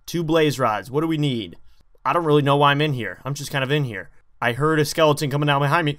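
A man hosting a let's play, talking straight to his viewers in a jumpy, excitable way as he plays. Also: a little high, quick pace. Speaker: gaming channel host.

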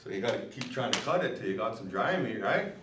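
A man's voice: fairly low pitch, very animated, fast talker. Man teaching a class from across a roomy room. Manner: casual, encouraging, repeats words for students. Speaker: language instructor. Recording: roomy classroom from far off, noisy.

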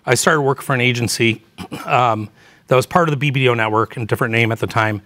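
A man's voice: medium pitch, fast, bright, forceful tone. A man around fifty, an executive guest, telling candid stories in a casual interview with many fillers. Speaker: chief marketing officer, guest.

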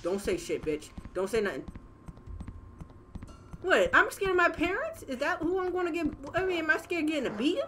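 A young woman playing a horror game and reacting out loud, profane and jokey as she goes. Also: extremely high pitch, sing-song, a little fast, faint music behind. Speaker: gaming channel host.

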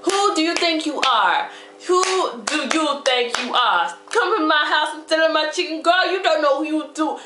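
A woman's voice: high voice, expressive, moderate pace, bright, forceful tone, reverberant, slight background noise, voice pushed up. A woman playing a sassy, streetwise young woman who is brash and threatening. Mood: angry threatening.

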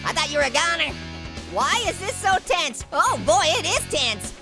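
A hyper little cartoon orange, squeaky and nasal with a sky-high pitch that leaps all over the place. He giggles constantly and squeals at every near miss while game music plays clearly behind him. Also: normal speed, heavily acted. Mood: giddy. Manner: excitable, jokey, squealing at close calls. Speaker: gaming channel host. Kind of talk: cartoon let's-play commentary.

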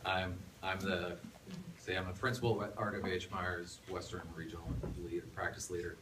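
A man's voice: low-pitched, flat delivery, moderate pace. A man introducing himself and his firm at a conference lunch, in a plain, matter-of-fact way. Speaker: presenter. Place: restaurant function room. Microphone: phone on tripod across the room. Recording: echoey distant phone recording with room noise.

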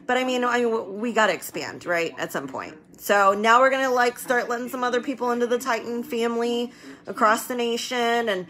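Chatty bright-voiced businesswoman on a live stream. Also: fairly high pitch, normal speed. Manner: chatty, rambling, repeats words for emphasis. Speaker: medical business owner hosting a live stream. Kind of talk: casual live-stream talk.

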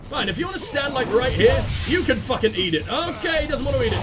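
A man's voice: extremely high pitch, very animated, a little fast, over music. A man hosting a let's play, rambling through casual game commentary with self-mocking jokes and lots of swearing.

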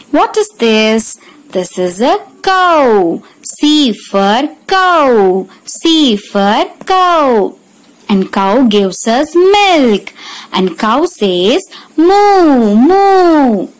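A woman teacher giving a slow classroom lesson to young children, repeating each word and sometimes acting out animal sounds. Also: medium pitch, rough recording.

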